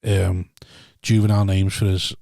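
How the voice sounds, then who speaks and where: A man's voice: sits low, level tone, moderate pace, gravelly, mellow, no room sound, clean studio sound. A man, co-hosting a podcast in casual, jokey banter. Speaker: podcast co-host. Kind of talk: casual chat.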